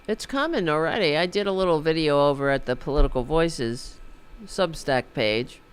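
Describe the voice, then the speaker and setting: A man's voice: a little high, expressive, moderate pace, clear, resonant tone. A man hosting a podcast, delivering a rambling, sarcastic political commentary monologue. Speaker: podcast host.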